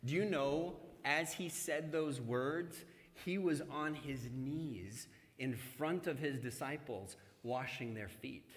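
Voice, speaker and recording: A middle-aged male pastor preaches a sermon in a church sanctuary, taking it slowly in a mid-range voice. He blends scripture with humorous personal stories conversationally, and the recording carries long church hall reverb.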